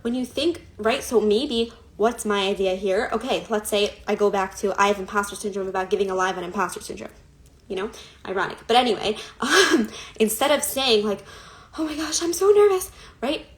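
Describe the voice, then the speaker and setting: A woman's voice: mid-range voice, brisk. A woman coach giving a chatty talk on an Instagram live, with many fillers, asides and light laughs.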